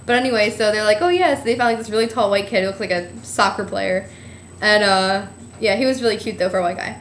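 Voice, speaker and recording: A woman's voice: medium pitch, steady tone, fast talker, reverberant, slight background noise. A young woman from New Jersey telling a trip story in a giggly, rambling way, full of "like". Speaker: vlogger. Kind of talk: casual storytelling.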